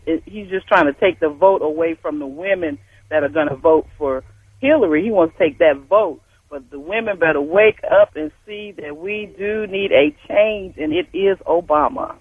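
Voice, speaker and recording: A woman's voice: fairly low pitch, no room sound. A woman calling in to a radio show to give her opinion in an earnest, insistent way. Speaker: caller. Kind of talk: call-in opinion. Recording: husky voice over tinny phone line.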